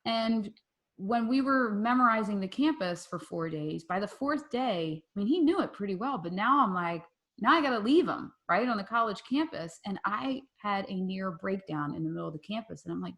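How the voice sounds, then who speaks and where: A woman in her forties hosting a group call, telling a personal story in a lively way and acting out the voices in her quotes. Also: mid-range voice, normal speed. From Philadelphia area. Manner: animated, acts out voices in quotes. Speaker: mastermind group host.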